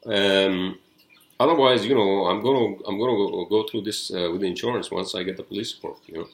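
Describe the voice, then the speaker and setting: A man with a fairly low voice tells a long, loose story on his podcast, swearing freely. When the story heats up he climbs high and loud. The room around him rings with a noticeable echo. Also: fairly quick. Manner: rambling, swears a lot, rises loud when worked up. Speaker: podcast host. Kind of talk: casual storytelling.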